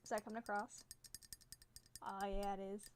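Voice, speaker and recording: A woman's voice: mid-range voice, level tone, normal speed, a little hiss or hum. A young adult woman streamer chatting casually with her live viewers, rambling and giggling often, with many fillers. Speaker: livestreamer.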